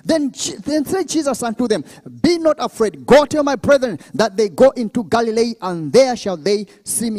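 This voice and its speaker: Preacher guy w a really high voice swinging all over, shouts and prays in tongues mid sermon. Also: expressive, normal speed, few pauses, big-room sound. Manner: preaching with call-and-response, bursts of shouting and speaking in tongues. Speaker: pastor. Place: church service.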